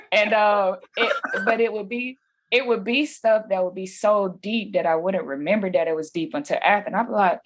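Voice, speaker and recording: A woman's voice: mid-range voice, brisk. A woman telling her story as a guest on a podcast. She talks casually and with animation, uses slang and acts out what people said.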